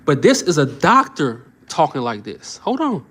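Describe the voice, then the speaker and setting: Guy going off on a live stream, voice kinda high, heated and preachy, says stuff twice to hammer it in. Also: big pitch swings, normal speed, a bit bright. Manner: heated, preachy, repeats himself for emphasis. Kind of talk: reacting to news on a live stream.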